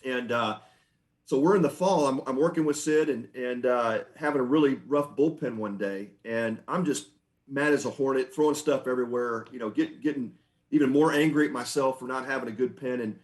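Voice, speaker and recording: Man, middle-aged, podcast guest, relaxed storytelling, chatty. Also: medium pitch, a little fast. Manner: relaxed, anecdotal, frequent restarts and laughs. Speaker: podcast guest, former pitcher. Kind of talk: conversational storytelling.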